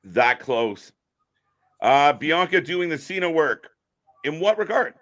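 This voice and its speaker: A man co-hosting a live wrestling stream, laughing often and reading viewers' chat messages aloud in relaxed banter. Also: fairly high pitch, slow. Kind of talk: casual live-stream commentary.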